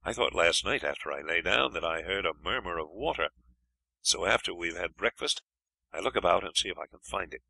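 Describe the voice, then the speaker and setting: A cheerful, plucky young lad in an adventure audiobook, hearty and encouraging. A man reads him in a low, gravelly voice with a bright, forceful edge, dry and close. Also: lively intonation, brisk, no echo, full character voice, rough recording.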